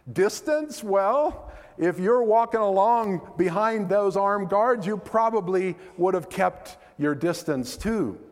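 A man's voice: sits high, a little mellow, in a large hall. A man preaching a sermon as pastor, earnest and conversational, asking rhetorical questions.

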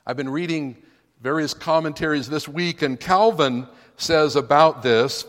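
A man's voice: a little high, unhurried, a bit bright. A man preaching a sermon in a church sanctuary, with an emphatic, dramatic delivery. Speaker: pastor. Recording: long reverb of a large room.

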